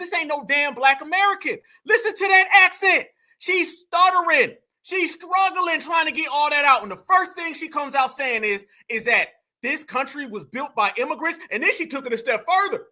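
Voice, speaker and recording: A man's voice: very high-pitched, moderate pace, bright, forceful tone. A man hosting a heated political commentary stream, emphatic and repetitive, constantly calling out to his audience. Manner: emphatic, repeats points, keeps addressing the audience as fam and y'all. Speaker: commentary channel host.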